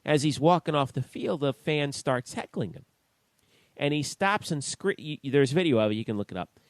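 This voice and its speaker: A man co-hosting a sports talk podcast, reading out statistics in a slow, measured way. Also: a little high, expressive, no echo. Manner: reads out stats in a slow, measured way. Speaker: podcast co-host.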